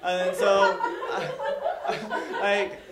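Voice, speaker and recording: A man's voice: high voice, flat delivery, extremely slow, heavy background noise. A young man telling a live story to an audience, rambling with lots of "like" and chuckling along the way. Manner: rambling, heavy use of "like", chuckles while telling.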